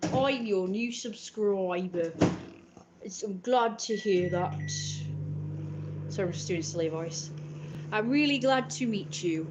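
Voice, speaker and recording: A woman's voice: mid-range voice, background noise. A woman chatting on a casual livestream, joking in a playful royal persona, rambling, answering chat aloud and swearing freely.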